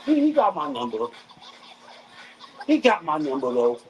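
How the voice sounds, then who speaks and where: A man's voice: fairly high pitch, wildly swooping pitch, measured pace, lo-fi sound. A man streaming live craps and rambling in profane, restart-heavy casual chat. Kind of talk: casual chat while gambling.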